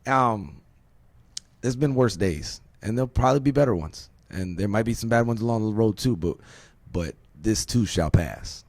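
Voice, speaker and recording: Fairly low-pitched and animated, a man from Virginia hosts a podcast at normal speed with no echo. His casual talk is emphatic and rambling, full of swearing and rhetorical questions.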